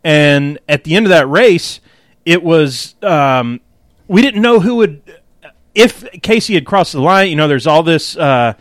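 A man co-hosting a casual sports podcast, telling stories in an excitable, animated way. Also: on the high side, a little slow, no echo, clean studio sound. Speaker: podcast co-host. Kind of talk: casual chat.

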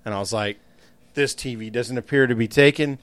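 A man co-hosting a casual sports podcast who speaks in a reflective, unhurried way, often pausing on fillers. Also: medium pitch, a bit bright, no room sound. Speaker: podcast co-host. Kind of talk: casual chat.

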